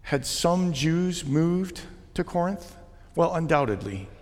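A man preaching a sermon as pastor, talking in a conversational way with gentle jokes. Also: fairly high pitch, lively intonation, slow pace. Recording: long hall reverb.

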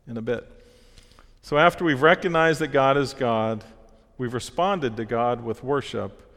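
A man preaches in an earnest, steady way, working slowly through his points with small restarts. His voice is mid-pitched, and it rings out with a long reverb in a church hall. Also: vocal fry. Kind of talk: sermon.

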